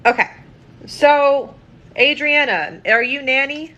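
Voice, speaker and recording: A woman's voice: high voice, slow pace, sharp tone, lo-fi sound. Scattered, swearing livestream tarot reader, a woman. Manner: scattered, swears freely, frequent ums and likes. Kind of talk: casual livestream reading.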